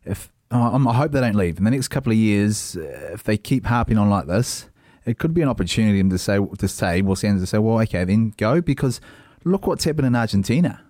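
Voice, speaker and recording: A New man co-hosts a sports podcast from a studio. His voice is low, and he speaks hesitantly, full of fillers and restarts. The sound is close and dry. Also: lively intonation, fairly quick, hardly any pauses, darkish tone, dry recording. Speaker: podcast co-host. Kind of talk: casual sports chat.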